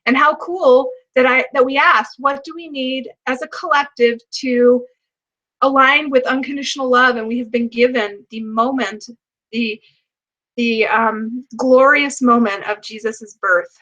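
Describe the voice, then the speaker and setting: A young adult woman hosts a spiritual healing show, her tone bright and her voice a bit high. She talks in an earnest, emotional way with plenty of fillers. She guides her listeners gently through a meditation. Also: steady tone, highs cut off. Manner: slow, deliberate chanting of number codes. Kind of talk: guided meditation and casual talk.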